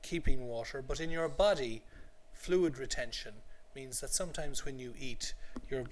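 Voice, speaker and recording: Teaching English to adults, a male native speaker with a mid-range voice is patient and repetitive, frequently asking "okay?" to make sure students follow. There's a little hiss or hum on the recording.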